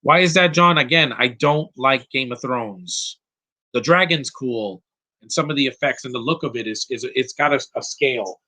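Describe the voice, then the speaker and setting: Dude ranting thru a movie watch-along, blunt, keeps going off on tangents, bright voice. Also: male voice, medium pitch, moderate pace. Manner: rambling, blunt, goes off on tangents. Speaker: movie commentator. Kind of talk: casual live movie commentary.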